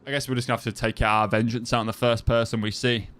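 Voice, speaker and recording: A man's voice: medium pitch, level tone, quick pace, fairly bright tone, clean tone. A young man talks through his game in a loose, chatty way. He rambles, circles back and repeats his phrases, sitting close to his headset mic. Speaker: streamer. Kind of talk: casual gameplay commentary and chat.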